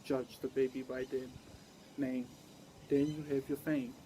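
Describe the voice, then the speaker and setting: Slow, mellow-voiced rambling man. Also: mid-range voice, level tone, a little hiss or hum, poor audio. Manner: rambling and repetitive, spells words out letter by letter. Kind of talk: rambling spoken monologue.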